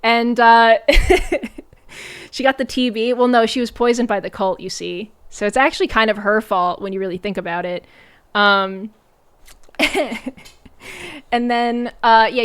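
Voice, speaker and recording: A woman's voice: on the high side, unhurried, fairly bright tone, clean tone. A woman streamer giving casual, sarcastic commentary on a movie, talking loosely with lots of filler words. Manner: chatty and sarcastic, many fillers and "like"s.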